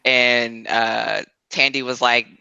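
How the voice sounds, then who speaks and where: Bright, gravelly man in casual chat. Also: medium pitch, steady tone, takes it slowly, no echo, muffled recording. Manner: loose, slangy, filler-heavy storytelling. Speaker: podcast co-host. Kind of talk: casual show recap chat.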